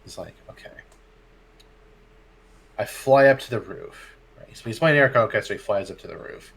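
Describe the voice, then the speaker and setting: A man's voice: on the low side, moderate pace, creaky, a bit bright, breathy edge. A man, a dungeon master, telling a tabletop game story in casual chat, acting out his players' lines and laughing often.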